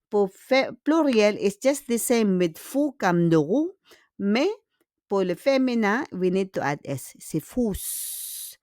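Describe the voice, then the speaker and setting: A woman's voice: medium pitch, no echo, clean studio sound. A woman teaching beginner French grammar, switching between English, French and Tagalog and checking in with "okay?" after each point.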